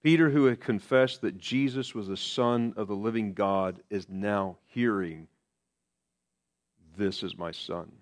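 A man's voice: on the low side, unhurried, few pauses. A man preaching a sermon in a conversational way, repeating key phrases for emphasis.

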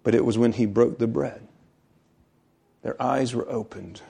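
A man preaching a sermon in an emphatic, repetitive way, slowing on key phrases and dropping to a near-whisper for stress. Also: medium pitch, steady tone, gravelly, warm tone, husky.

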